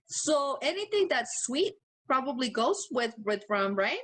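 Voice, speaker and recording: A woman's voice: sits high, very animated, a little slow, poor audio. A woman co-hosting a podcast remotely, chatting loosely, swearing and laughing often. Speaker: podcast co-host. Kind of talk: casual chat.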